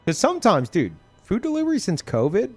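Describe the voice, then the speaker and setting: A man streaming a game, ranting in casual commentary, excitable and swearing, laughing as he talks. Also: high voice, a little fast, soft background music.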